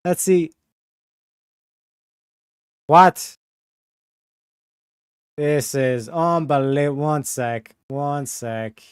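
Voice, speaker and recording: A man's voice: fairly high pitch, extremely slow, long pauses, clear, resonant tone, no room sound, clean studio sound. A man on a casual livestream reading text aloud and breaking off for sarcastic, crude asides.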